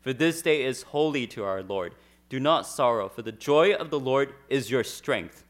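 A man interpreting a sermon phrase by phrase, measured and steady, at times reading scripture aloud. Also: medium pitch.

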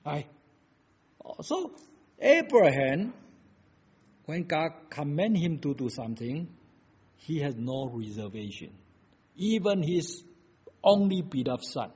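Husky man preaching emphatically. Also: a little high, sing-song, slow, long pauses, darkish tone. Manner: emphatic preaching with rhetorical questions, non-native phrasing. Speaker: pastor. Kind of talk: sermon. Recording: dull lo-fi recording.

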